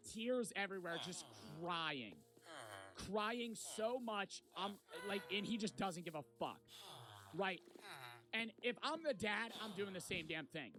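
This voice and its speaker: A young man telling a rowdy travel story in casual, profane storytime style. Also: high voice. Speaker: vlogger. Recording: noticeable background noise.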